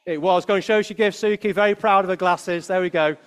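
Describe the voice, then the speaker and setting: A man giving a lively children's talk at a Christmas service, asking the children questions as he preaches. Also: sits high, fast talker, clean tone.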